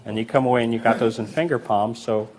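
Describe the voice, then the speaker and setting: Talking fast in a medium-pitched voice, with slight background noise, a man casually teaches a coin sleight-of-hand routine. He counts coins aloud while demonstrating and slips in anecdotes about older magicians, acting out their quotes in a relaxed, conversational manner.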